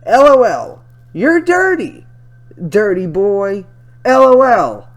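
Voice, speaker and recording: A reader voicing a giggly teenage girl in a chat log, reading "L O L" out loud with lively pitch. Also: slow pace. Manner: giggly, says "L O L" aloud.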